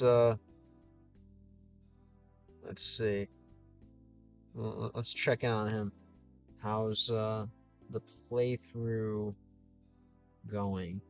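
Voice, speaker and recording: A man's voice: mid-range voice, vocal fry. A man streaming live, chatting casually as he reads out viewer comments in a rambling, easygoing way that often stops and restarts mid-sentence. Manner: rambling, self-interrupting, easygoing. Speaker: YouTuber streamer. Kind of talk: casual livestream chat reading comments. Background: faint game soundtrack music.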